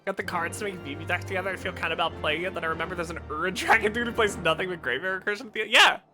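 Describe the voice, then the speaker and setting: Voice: mid-range voice, racing, over music. A streamer chatting casually on a live stream, enthusiastic, rambling, and swearing freely.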